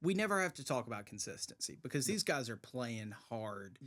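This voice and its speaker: Guy hosting a sports show, mid-pitch voice, easy friendly questions. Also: sing-song, brisk, fairly bright tone. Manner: conversational, asks questions in a friendly way. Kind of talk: casual sports interview.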